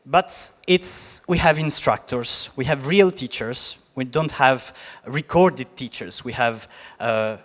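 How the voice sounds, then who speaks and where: A man's voice: medium pitch, fairly bright tone. A young man from Italy with an Italian accent, giving a joking conference talk full of fillers and restarts. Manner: joking, halting with many fillers. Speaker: startup founder giving a talk. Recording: long hall reverb.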